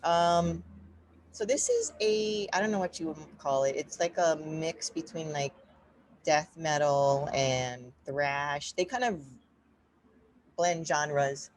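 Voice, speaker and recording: A woman's voice: deep voice, slow pace, a little mellow, a little hiss or hum. A woman co-hosting a podcast, chatting casually and giving upbeat recommendations. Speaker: podcast co-host. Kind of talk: casual chat.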